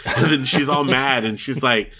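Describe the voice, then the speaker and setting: This podcast co-host casually recaps a TV episode, laughing often and acting out the characters' lines. His medium-pitched voice sounds pushed and bright, with fairly even intonation at a moderate pace.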